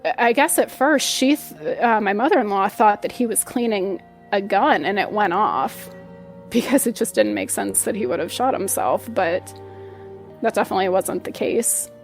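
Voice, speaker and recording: A woman's voice: medium pitch, lively intonation, moderate pace, soft background music. A woman with a mid-range voice, speaking as an interview guest about a painful family event. She talks hesitantly, repeating words as she starts her sentences over. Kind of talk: emotional personal account.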